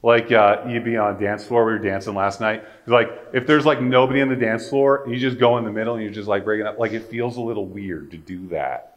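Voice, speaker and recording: A man's voice: fairly low pitch, fairly even intonation, fairly quick, few pauses. A man preaching a sermon in a casual, conversational way with joking asides.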